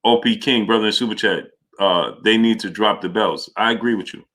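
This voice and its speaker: Bright-voiced New livestream host. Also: male voice, on the low side, a little fast. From New York. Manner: greets viewers by name, reads super chats aloud. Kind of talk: casual livestream chat.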